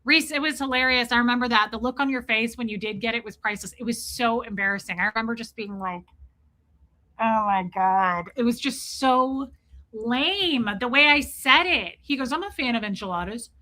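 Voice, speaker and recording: Bright-voiced woman chatting on a livestream. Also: a little high, quick pace, few pauses. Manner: animated storytelling, self-mocking, greets chatters by name. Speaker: livestream host. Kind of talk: casual livestream chat reading viewer comments.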